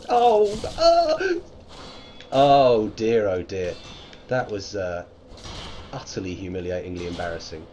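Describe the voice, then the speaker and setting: A man's voice: mid-range voice, big pitch swings, slow, a little mellow, a little hiss or hum. A British man giving live gameplay commentary, playful and silly, tossing out made-up words. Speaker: streamer.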